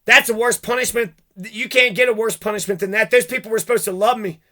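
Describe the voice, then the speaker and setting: A man's voice: sits high, fairly even intonation, fast talker, bright, forceful tone. A man delivering a heated, profane rant, cursing and jumping from one grievance to the next.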